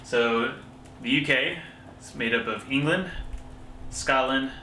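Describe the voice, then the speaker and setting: A man's voice: mid-range voice, takes it slowly, pushed and bright. A young man telling travel stories in casual, jokey chat, laughing often. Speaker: travel vlogger. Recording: echoey room, faint background noise.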